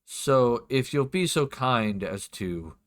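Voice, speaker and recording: A man voicing a sinister grey-skinned nobleman who speaks slowly, formally and with quiet menace. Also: medium pitch, expressive. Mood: cool, probing.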